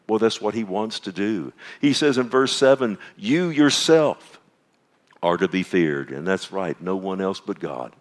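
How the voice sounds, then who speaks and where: A lower-pitched man delivering a sermon. He reads scripture loudly and with emphasis, then drops to soft, quiet asides. His pitch rises and falls widely. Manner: swings between loud emphatic scripture reading and soft hushed asides. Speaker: preacher.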